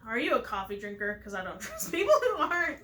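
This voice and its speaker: A woman's voice: a little high, wildly swooping pitch, fast, pushed and bright, heavily acted. A woman voicing a bossy, judgmental older sister pelican with a put-on accent, tart and grumbly.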